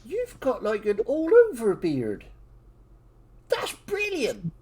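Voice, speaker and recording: A man voicing an excitable little dwarven boy who chatters in breathless, wide-eyed wonder. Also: extremely high pitch, slow, background noise, pitched above the performer's own voice, exaggerated voice. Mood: awestruck.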